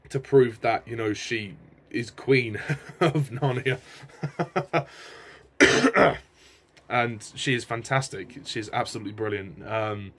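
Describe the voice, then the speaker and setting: A man's voice: on the low side, fairly bright tone. A man giving a casual spoken film review. He sounds enthusiastic and hesitant, and rambles.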